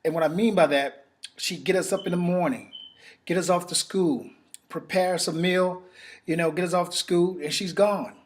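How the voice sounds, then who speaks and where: A man giving an emotional, halting testimonial and sales pitch, repeating his phrases and pausing to sigh, as if recorded on a home camera. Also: steady tone. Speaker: network marketing presenter.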